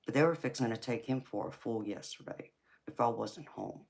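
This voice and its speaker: A woman hosting a live stream, casually telling a personal story in an animated way, swearing freely and laughing as she talks. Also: a bass voice, normal speed, creaky. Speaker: tarot reader and live stream host.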